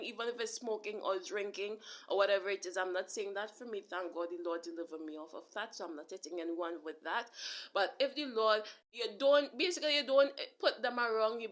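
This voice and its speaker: A woman's voice: mid-range voice, a bit bright. A woman preacher delivering a casual spoken sermon to her online audience, earnest and repetitive, talking straight to the listener. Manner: earnest, repetitive preaching with restarts and direct address. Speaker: self-described prophet and preacher.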